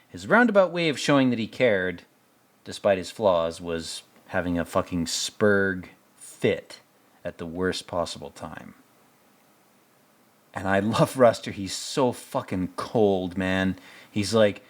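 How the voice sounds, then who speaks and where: A man's voice: on the low side, expressive, unhurried. A man giving casual commentary on a TV episode, sarcastic, profane and rambling. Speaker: show commentator.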